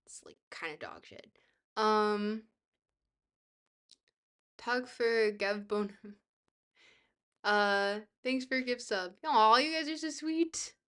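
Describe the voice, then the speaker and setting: A woman's voice: mid-range voice, takes it slowly, pauses often, a bit bright. A woman streaming live, reading out chat messages and thanking viewers in a bubbly, rambling way. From Scotland. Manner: bubbly, thanks chat often, trailing filler words.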